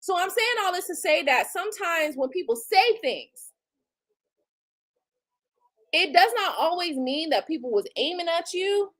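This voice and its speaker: A woman's voice: very high voice, unhurried, long pauses, low-quality recording. A woman in her forties, a tarot reader hosting her livestream, ranting casually in a blunt, profane way with features and sarcastic asides. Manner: blunt and profane, animated, with mocking quoted retorts.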